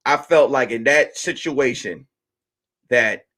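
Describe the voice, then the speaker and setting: A male comedian hosting a live stream, ranting in an animated, profane way with many restarts. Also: mid-range voice, takes it slowly. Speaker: comedian host.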